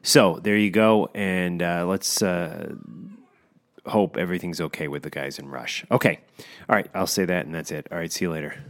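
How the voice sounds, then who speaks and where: Deep voiced guy hosting a metal show, kinda rambly, trails off quiet. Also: normal speed. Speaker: metal podcast host. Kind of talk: casual chat between songs.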